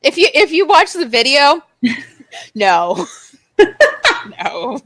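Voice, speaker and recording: This young woman co-hosts a podcast in easy, casual chat, her voice bright and a little high. She swings her pitch all over as she acts out every line she quotes, and the sound is close and dry. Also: slow pace, no echo. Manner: animated storytelling, acts out quotes. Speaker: podcast co-host.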